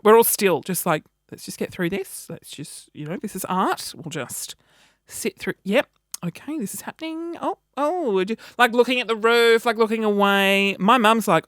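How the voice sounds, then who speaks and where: A woman, telling a story in a casual vlog with animated, wry delivery. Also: on the high side, a little slow, dry recording, studio quality. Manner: animated, wry, acts out quoted reactions. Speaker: vlogger.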